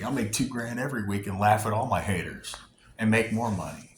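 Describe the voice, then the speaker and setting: A deep-voiced man rants straight into his camera, heated and profane, circling back and restarting his sentences. Now and then he drops to a hushed, near-whispered tone. The sound is roomy and echoey, with a faint hum of background noise. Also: moderate pace. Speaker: vlogger. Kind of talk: angry unscripted rant.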